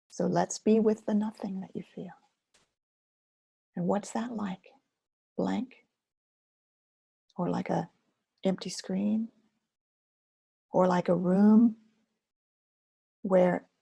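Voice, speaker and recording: Soft-spoken older woman with a gravelly voice. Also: mid-range voice. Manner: soft, slow and soothing, drops to a whisper. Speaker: webinar host and Focusing teacher. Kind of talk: gentle guided self-care webinar.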